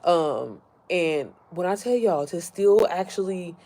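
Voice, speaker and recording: A woman's voice: on the low side, expressive, slow pace, mellow. Rambling, chatty woman talking to her followers. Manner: rambling, chatty, keeps addressing viewers directly; easily sidetracked, restarts often. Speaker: online business creator. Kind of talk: casual chat to followers.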